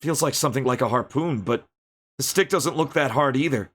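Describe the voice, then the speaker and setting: A man streaming a horror game, reacting excitably and reading the characters' dialogue aloud. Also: mid-range voice, fairly quick, husky. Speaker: livestreamer. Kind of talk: let's play commentary.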